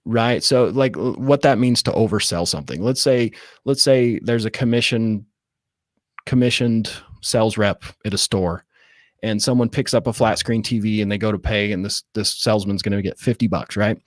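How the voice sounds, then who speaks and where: A man's voice: lowish voice, moderate pace, no room sound, studio quality. A man, a real estate wholesaler, explaining in casual interview talk how he makes sales calls, acting out sample lines and asking "right?" again and again. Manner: acts out sample phone scripts, says "right?" often.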